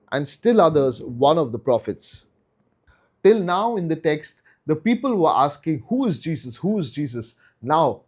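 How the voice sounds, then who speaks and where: A man's voice: mid-range voice, a little mellow. A man teaching a Bible study in an earnest way, repeating key phrases for emphasis.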